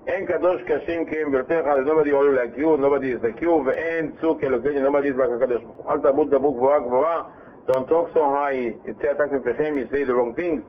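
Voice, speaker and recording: A man teaching a Bible class, reading verses and translating them, retelling the story in a lively way with frequent self-repeats and restarts. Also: mid-range voice, fast talker. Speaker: Torah teacher. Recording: tinny phone-like line with faint hiss.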